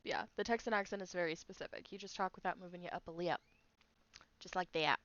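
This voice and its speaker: A woman's voice: fairly low pitch, fast talker, fairly bright tone. Gm lady narrating a tabletop game, chatty and giggly, kinda muffled lo-fi mic. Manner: chatty, giggly, lots of filler words. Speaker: game master.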